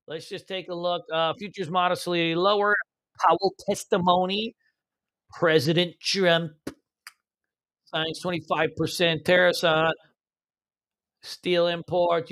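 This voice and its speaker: Man hosting a casual live market stream, slightly high voice, loose and slangy, hums while he works. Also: fairly bright tone. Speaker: stock trading streamer.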